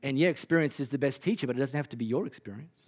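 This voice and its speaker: A man's voice: medium pitch, racing, a little mellow, breathy edge. A man with an Australian accent preaching a sermon in a conversational, punchy way with wry humor. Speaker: pastor.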